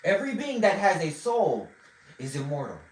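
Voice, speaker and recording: Animated, high-pitched man telling a story. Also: moderate pace, echoey room, rough recording. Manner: animated, profane, bursts into shouting. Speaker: livestreamer. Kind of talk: storytelling monologue. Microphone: phone.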